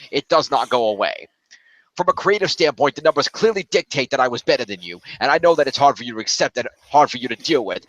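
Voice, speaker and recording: Guy doing a brash new york wiseguy, sarcastic and mocking, quick and dry. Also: medium pitch, a bit bright, no room sound, lo-fi sound. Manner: mocking, sarcastic delivery of a read-out statement. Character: brash, defensive New York mafia-style man.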